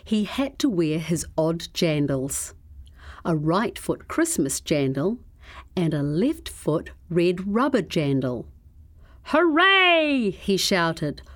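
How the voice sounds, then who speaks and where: Brief: New woman reading a children's picture book, unhurried, very lively intonation. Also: low voice. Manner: slow, expressive and measured. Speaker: storyteller. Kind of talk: children's story read-aloud.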